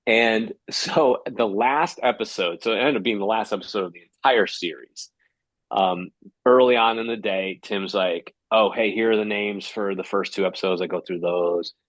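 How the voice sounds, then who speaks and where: A man who hosts game shows, a guest telling a story with lively energy. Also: fairly low pitch, normal speed, dry recording. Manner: lively, acts out quotes in raised voice. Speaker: game show host, guest. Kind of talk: animated storytelling.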